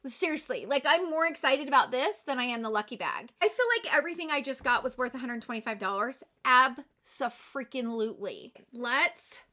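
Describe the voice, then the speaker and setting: Bubbly high-voiced woman unboxing makeup. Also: lively intonation, normal speed, hardly any pauses, sharp tone. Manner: gushing, gasps and exclamations. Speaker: beauty vlogger. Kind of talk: excited unboxing chat.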